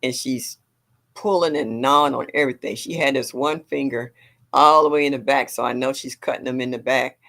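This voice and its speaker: Older lady doing a garden livestream, gravelly voice, chatty, reads out the chat. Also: very deep voice, fairly even intonation, a little fast, fairly bright tone. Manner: chatty, reads viewer comments aloud. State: a little sore. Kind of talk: casual livestream chat reading comments.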